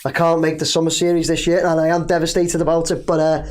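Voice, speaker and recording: A man's voice: a little high, monotone, fast. A middle-aged man from England hosting a casual football livestream, chatting in a rambling, self-deprecating way while reading out viewer comments. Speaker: football channel host.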